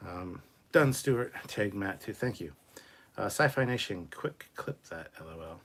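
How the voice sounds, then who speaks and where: A man with a somewhat low, husky voice chats loosely on a livestream, reading out viewer messages. He swears constantly and pokes fun at himself while he rambles on between comments. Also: animated, normal speed, a bit bright. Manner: profane, rambling, self-mocking. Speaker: livestream host reading chat. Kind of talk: casual livestream chat.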